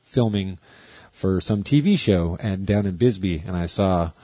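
Podcast dude spinning stories, curses a lot, dark mellow voice, dry close sound. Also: male voice, low voice, moderate pace, no echo. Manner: profane storytelling, mimics people he quotes. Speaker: podcast co-host. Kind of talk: casual chat, retelling stories.

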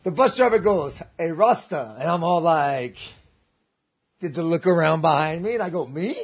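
Male storyteller, husky and high-pitched, lively swooping delivery, profane street slang. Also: normal speed. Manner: animated, profane, slangy, acts out the voices in his story. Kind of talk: casual storytelling.

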